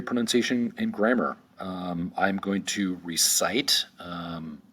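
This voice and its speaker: A deep-voiced man teaches a vocabulary lesson in a single unedited take. He speaks slowly and deliberately, with lots of ums and restarts.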